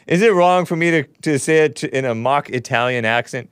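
A man hosting a call-in show, chatting casually, laughing often and jumping up in pitch now and then. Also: normal speed, clean tone, no echo, clean studio sound.

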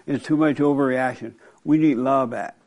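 A man's voice: medium pitch, steady tone, moderate pace, darkish tone. A man leading a casual group discussion, speaking in an encouraging, preacher-like way. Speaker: group leader.

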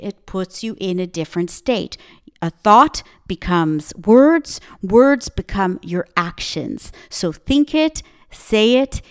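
Woman, podcast host, motivational monologue, emphatic, smooth resonant voice, mid pitch. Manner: emphatic, punchy repetition of slogans. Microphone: podcast microphone.

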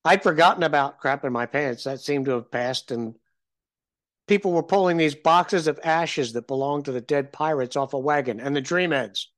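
A middle-aged man hosts a casual podcast, rambling through stories with self-mocking humor. His voice sits a little higher than most men's. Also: normal speed, a bit bright. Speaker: podcast host. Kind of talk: casual storytelling and show intro.

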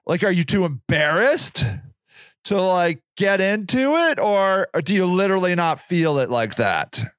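A man in his forties hosting a rambling solo monologue, animated and exclamatory, with many restarts and rhetorical questions. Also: high-pitched, measured pace, no room sound. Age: 40s. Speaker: podcast host.

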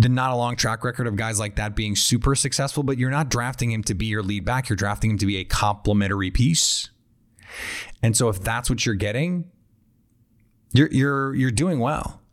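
A man hosting a football talk show, thinking aloud and breaking down draft picks in a conversational way. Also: fairly low pitch. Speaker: football analyst host. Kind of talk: casual draft analysis talk.

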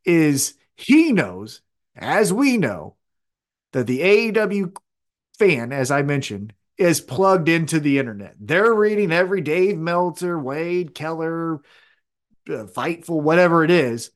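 Rambling, animated podcast co-host man. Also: fairly high pitch, measured pace. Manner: rambling, opinionated, restarts often. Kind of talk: casual chat.

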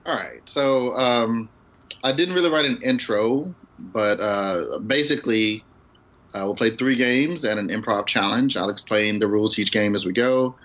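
A man's voice: fairly low pitch, moderate pace, fairly bright tone. A man hosting a podcast game round in a wry, joking way, with fillers, on a dull online call recording. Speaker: game show host.

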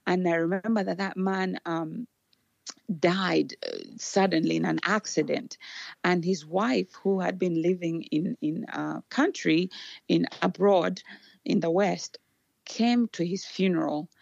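A Ugandan woman, the guest in a casual interview, tells a story in a low, gravelly voice. She's animated and unhurried, laughs often and restarts her sentences, and the recording sounds dull and dry.

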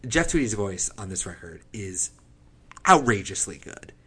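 A man's voice: lowish voice, sing-song, moderate pace, bright, forceful tone, breathy edge. A man co-hosting a casual podcast about an album, talking in a rambling, enthusiastic way and swearing now and then. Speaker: podcast co-host. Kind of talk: casual music review chat.

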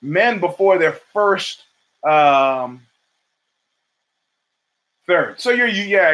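An older man hosting his own show, talking in a rambling, profane, animated monologue full of stories. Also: high voice, very slow, pauses often. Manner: profane, rambling, animated storytelling with acted quotes. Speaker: podcast host. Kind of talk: casual monologue.

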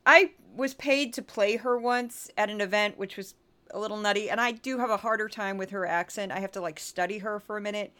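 Bright-voiced chatty Missouri woman. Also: medium pitch, a little fast. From Midwest US. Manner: chatty, animated, often laughing. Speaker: podcast host. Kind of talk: casual commentary.

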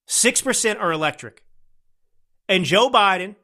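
A male political podcast host delivers commentary in an indignant, scornful, repetitive way. His high voice is animated, bright and forceful, at normal speed.

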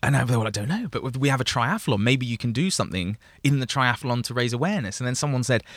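Bright-voiced man telling stories. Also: medium pitch, lively intonation, fast talker, no room sound, clean studio sound. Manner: rambling, self-deprecating, laughs often. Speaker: guest. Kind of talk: casual storytelling interview.

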